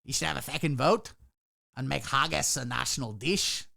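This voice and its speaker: A man's voice: mid-range voice, normal speed, vocal fry, pushed and bright, full character voice. A man putting on a clumsy mock Scottish ranter. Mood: ranting. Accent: poor mock Scottish. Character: grumbling Scottish man ranting about independence.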